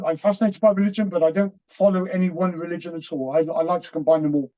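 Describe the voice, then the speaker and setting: A middle-aged man, earnest and halting, telling a personal story as an interview guest with many restarts. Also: fairly high pitch, fairly even intonation, warm tone. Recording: dull, muffled audio.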